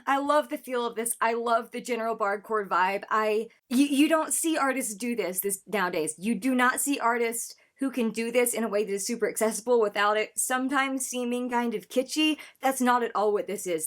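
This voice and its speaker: Female reaction host, excitable, gushing commentary, mid pitch.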